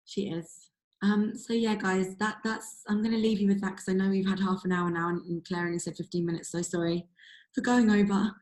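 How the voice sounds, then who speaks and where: A woman's voice: mid-range voice, steady tone, fairly quick, a little mellow. Woman hyping up her team on a video call, voice kinda strained, rambly, echoey room. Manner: gushing, rambling, lots of likes and ums. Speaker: team leader hosting a group call. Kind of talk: motivational pep talk. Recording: roomy echo on a call.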